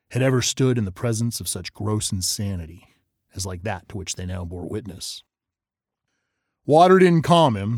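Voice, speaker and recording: Male audiobook narrator, low and deliberate, dry close recording. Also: no room sound. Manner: measured, deliberate storytelling.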